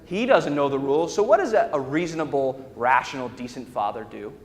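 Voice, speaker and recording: A man's voice: mid-range voice, lively intonation, a little fast. A man, a workshop trainer, telling a story to a live audience in a large lecture hall and often checking in with his listeners. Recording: echoey hall with faint ambience.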